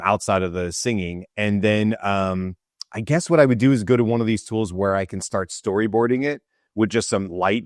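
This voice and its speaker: A man co-hosting a show, telling a story in an animated, laughing way in casual chat. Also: low-pitched, dry recording, studio quality. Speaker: show co-host.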